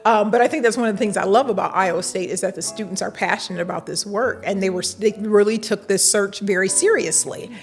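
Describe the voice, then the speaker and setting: A middle-aged woman, a university administrator, telling a lively story in an interview, acting out the dialogue and laughing now and then. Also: medium pitch, quick pace, hardly any pauses, soft background music.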